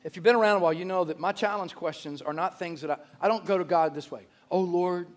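A middle-aged man preaching a sermon, telling a funny story loudly and dropping to a soft voice for scripture. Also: fairly high pitch, fast talker. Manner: animated storyteller, shouts punchlines, drops soft for scripture. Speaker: pastor.

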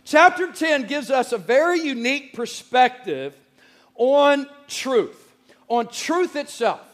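A man preaching a sermon as pastor, his voice hoarse and squeaky from shouting, leading the congregation in energetic call-and-response. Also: takes it slowly. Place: church sanctuary.

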